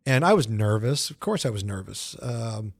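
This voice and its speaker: A middle-aged man from the United States, a guest comedian telling stories in a casual interview, animated, with many fillers and restarts. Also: lowish voice, moderate pace, vocal fry, husky, no room sound, studio quality.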